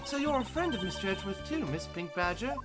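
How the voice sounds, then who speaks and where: A woman voicing a perky young woman investigator in a chirpy, quick way, over game music. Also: mid-range voice, very animated, natural voice.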